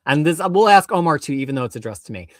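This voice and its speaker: A man co-hosting a casual live chat, enthusiastic and quick to laugh. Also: fairly high pitch, big pitch swings, no echo, clean studio sound. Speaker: co-host.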